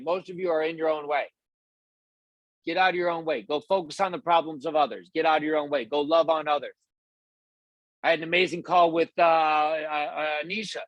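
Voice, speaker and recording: Rambling motivational team talk, slightly high male voice, dry close sound. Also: no room sound. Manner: loose and rambling, with many restarts and fillers; acts out quoted voices in a higher, louder pitch. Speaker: company leader giving a motivational talk.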